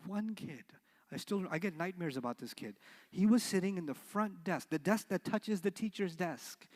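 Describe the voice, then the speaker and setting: A middle-aged man teaches an Arabic class, full of energy, slipping into the voices of the people in his stories and tossing questions at the room. His voice sits high. It carries a long reverb, like a large lecture hall. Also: moderate pace. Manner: animated, acts out quoted voices, asks the class questions. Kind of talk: lecture with storytelling.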